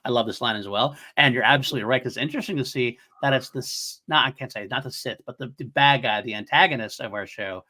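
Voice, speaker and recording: Man, podcast co-host, casual chat, bright forceful voice, eager, laughs while retelling scenes. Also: mid-range voice, fast talker, few pauses. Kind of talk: casual fan podcast review.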